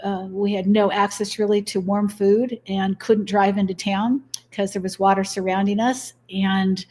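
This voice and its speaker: A woman's voice: medium pitch, level tone, moderate pace, a little mellow. Earnest middle-aged woman telling stories. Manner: earnest, acts out quoted dialogue. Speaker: guest. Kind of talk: interview storytelling.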